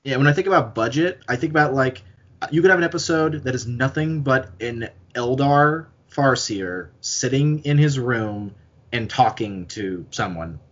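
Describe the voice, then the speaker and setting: A man's voice: medium pitch, lively intonation, moderate pace, muffled recording. A man co-hosting a podcast, talking casually and rambling as he thinks aloud. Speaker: podcast co-host. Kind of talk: casual chat.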